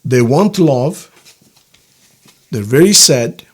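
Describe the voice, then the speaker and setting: A man giving a casual tarot reading, rambling and halting, now and then voicing quoted feelings in a hushed, soft tone. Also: mid-range voice, lively intonation, husky. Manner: rambling, halting, searches for words. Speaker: tarot reader.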